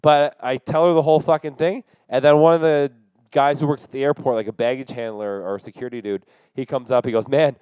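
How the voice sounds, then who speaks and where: A man's voice: medium pitch, steady tone, a little fast, darkish tone, clear, resonant tone, no room sound, low-quality recording. A young man hosting his own show, telling a rambling, profane travel story in a casual monologue. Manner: rambling and profane, many fillers. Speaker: podcast host.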